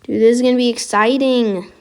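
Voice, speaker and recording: A woman giving casual, excitable commentary while playing a basketball video game, reacting aloud as she goes. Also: fairly high pitch, fairly quick, clean tone. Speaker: gaming video creator.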